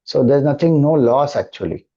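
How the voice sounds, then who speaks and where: Indian male spiritual teacher, mellow and unhurried, slightly dull recording. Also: mid-range voice. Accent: Indian English. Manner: slow, measured, calm teaching cadence. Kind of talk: devotional talk and Q&A.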